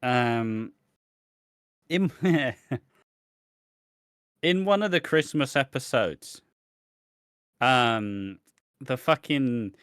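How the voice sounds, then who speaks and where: A man, co-hosting a casual podcast and telling stories in an animated, sweary way. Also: medium pitch, no echo, clean studio sound. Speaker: podcast co-host.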